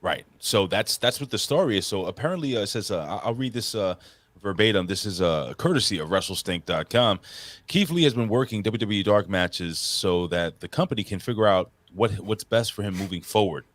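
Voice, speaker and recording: Excitable, swearing man on a podcast. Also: fairly low pitch, a little fast, dry recording. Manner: excitable, profane, jumps between topics. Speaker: podcast co-host. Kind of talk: casual chat.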